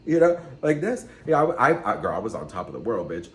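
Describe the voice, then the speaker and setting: A man's voice: fairly low pitch, very animated, quick pace, fairly bright tone, a little hiss or hum. A man hosting a casual celebrity gossip vlog, sassy and dramatic, swearing freely, recorded with room echo. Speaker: gossip vlogger.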